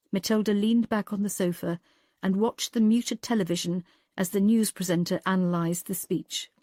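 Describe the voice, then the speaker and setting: A woman narrating an audiobook in a calm, even storytelling manner. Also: medium pitch, no room sound, studio quality. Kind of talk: scripted narration.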